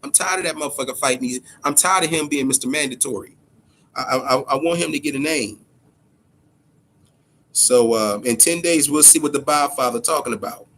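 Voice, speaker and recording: A man's voice: mid-range voice, brisk, a bit bright, slight background noise. A man hosting a boxing talk show, ranting in heated, profane casual commentary and repeating words when worked up.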